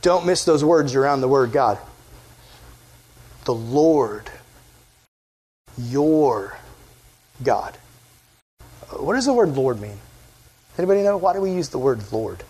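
A man preaching a casual sermon in an animated, conversational way, quizzing his listeners as he goes. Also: on the high side, brisk.

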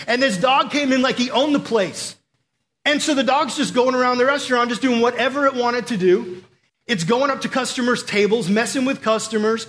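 A young adult man giving a casual, energetic sermon, telling stories and acting out the voices he quotes. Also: extremely high pitch, fairly quick.

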